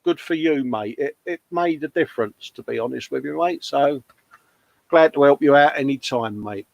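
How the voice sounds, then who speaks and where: Gravelly man chatting on a stream. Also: medium pitch, moderate pace, no room sound, lo-fi sound. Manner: chatty, laughing, calls people mate. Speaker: co-host reading live chat. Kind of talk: casual live-stream chat.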